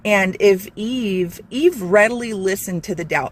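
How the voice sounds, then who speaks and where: A woman's voice: mid-range voice, measured pace. Earnest woman giving a devotional talk. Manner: earnest, rambling, many fillers and restarts. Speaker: Christian channel host. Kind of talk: informal devotional talk to camera.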